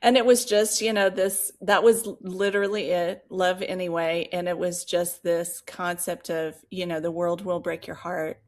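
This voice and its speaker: A woman co-hosting a podcast, telling a personal story in casual chat, animated and full of fillers and asides. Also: on the low side, normal speed, few pauses. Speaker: podcast co-host.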